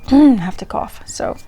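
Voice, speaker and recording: A woman's voice: very slow, warm tone. Rambling, chatty woman host. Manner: rambling and chatty, with many ums and restarts. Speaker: host reading old diaries. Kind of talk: casual chat to viewers. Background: faint ragtime music.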